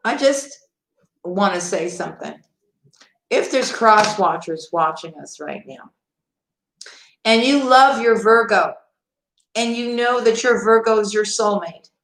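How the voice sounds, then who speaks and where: A woman's voice: mid-range voice, unhurried, pauses often, a bit bright. Woman tarot reader, chatty live-stream host, laughs often, echoey room. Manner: chatty, laughs often, addresses viewers directly.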